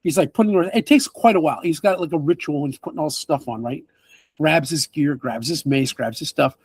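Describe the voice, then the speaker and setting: A man's voice: on the high side, a little fast, husky, dry recording. A man running a tabletop game as game master, narrating in a rambling, good-humored way.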